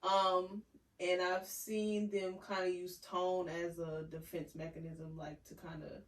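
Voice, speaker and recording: A woman co-hosting a podcast, speaking in a reflective, measured casual chat. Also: on the low side, little pitch movement, distant mic. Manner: reflective, measured, acts out quoted speech. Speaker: podcast co-host. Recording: roomy sound from off-mic.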